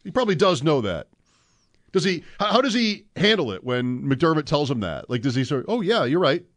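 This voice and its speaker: A man's voice: a little high, very animated, a little fast, fairly bright tone, dry recording, studio quality. A man co-hosting a sports talk show, chatting casually, asking questions and mimicking what coaches and players might say. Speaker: sports podcast co-host.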